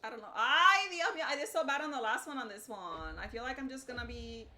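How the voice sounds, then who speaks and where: A woman's voice: high voice, expressive, a little fast, pushed and bright, slight background noise. A young woman streaming a game, swearing, shrieking and laughing as she plays, chatting to viewers. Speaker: livestreamer. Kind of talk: live gameplay commentary. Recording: game music behind the voice.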